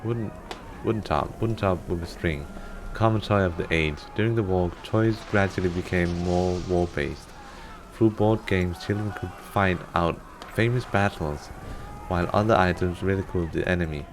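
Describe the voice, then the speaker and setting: A Danish man with a Danish accent and a low-pitched voice chats casually at normal speed while streaming a game. He reads in-game text aloud and giggles frequently. The recording is noisy, with music playing in the background.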